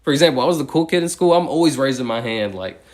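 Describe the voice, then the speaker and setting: A man on a live stream counting numbers aloud, breaking into chatty tangents packed with "like". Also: medium pitch. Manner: fast, steady number recitation broken by chatty tangents full of "like".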